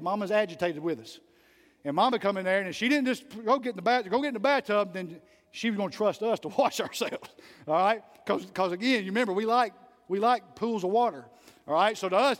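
A man preaching a sermon to his church, telling folksy stories and rising to loud emphatic peaks between quieter asides. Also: high-pitched, big-room sound. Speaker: pastor. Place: church sanctuary.

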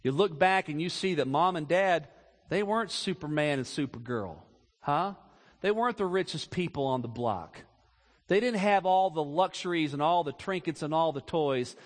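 A man's voice: on the high side, expressive, normal speed. A man preaching a sermon in a church, emphatic and calling for amens from the congregation. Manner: emphatic, call-and-response preaching. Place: church sanctuary. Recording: long hall reverb.

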